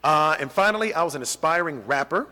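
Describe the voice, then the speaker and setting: Energetic middle-aged male trainer in a hall. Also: fairly high pitch, quick pace. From New York City. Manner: energetic, audience-engaging, frequent "okay?" and "right?" check-ins. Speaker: college professor leading a bias training. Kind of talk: interactive training lecture. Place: large hall with a live audience. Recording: long hall reverb.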